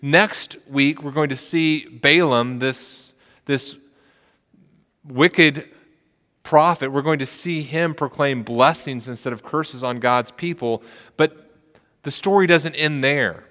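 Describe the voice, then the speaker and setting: A male pastor delivers a sermon in a bright, forceful voice, retelling an old story and putting on the speakers' lines as he goes. His voice rings with a long reverb from a large hall. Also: fairly high pitch, slow. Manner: retells the story with acted quotes.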